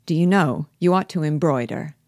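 A woman reading the part of a fussy, patronizing husband in a low, dry voice, lecturing and pleased with himself. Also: moderate pace, darkish tone, no echo, lightly acted. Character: self-satisfied husband, a man, fussy and patronizing. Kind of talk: reading a play aloud.

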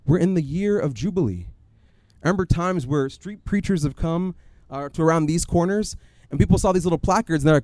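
A man preaching a sermon in a conversational, animated storytelling way, often acting out his own asides. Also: on the high side, fairly quick, dry recording. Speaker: pastor.

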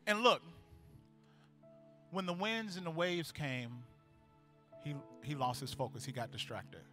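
A male pastor preaching a sermon, animated and building to loud, fervent praise, acting out voices from the story. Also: fairly high pitch, a little slow, faint music behind.

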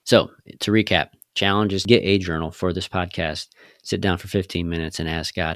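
A man's voice: low-pitched, steady tone, a little fast, fairly bright tone, no echo, studio quality. A man co-hosting a faith podcast, earnestly coaching listeners through step-by-step challenges. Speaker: podcast co-host. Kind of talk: faith-based podcast teaching.

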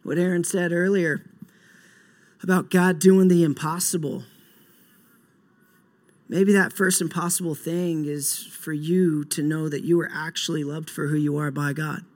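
A young man preaching a sermon earnestly, moving between soft, slow passages and loud, emphatic bursts. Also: fairly high pitch, level tone. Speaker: pastor.

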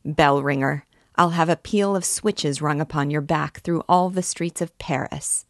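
A woman's voice: low-pitched, unhurried, no echo, clean studio sound. A woman voicing a furious, imperious male judge who scolds and sentences a prisoner. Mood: angry.

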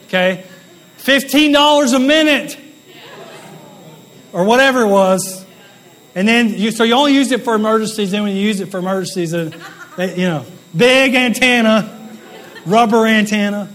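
A man's voice: high voice, moderate pace, pauses often, fairly bright tone, rough recording. A man in his late forties, from the Southern United States, giving a rambling, self-deprecating storytelling talk as a guest business speaker. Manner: rambling, folksy and self-deprecating, with asides and laughs.

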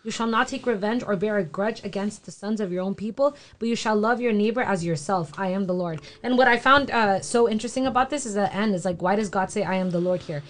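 A young woman in a casual faith chat, reading Bible verses and then talking in relaxed slang. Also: medium pitch, fast talker, few pauses. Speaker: co-host of a faith discussion.

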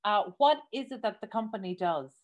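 A woman with an Irish accent hosting a radio interview, asking questions in a bubbly, animated way. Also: mid-range voice, fairly quick. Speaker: radio show host. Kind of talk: podcast interview.

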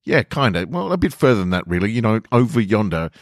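A man's voice: fairly low pitch, big pitch swings, fast talker, dry recording, clean studio sound, pitched above the performer's own voice. A man voicing a nervous, chatty young male apprentice wizard who rambles and apologizes. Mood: eager rambling.

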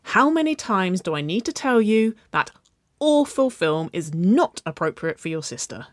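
A woman's voice: medium pitch, sing-song, moderate pace, no echo, clean studio sound, voice pushed up, natural voice. A woman voicing a stern aunt scolding from the bottom of the stairs in a storybook reading.

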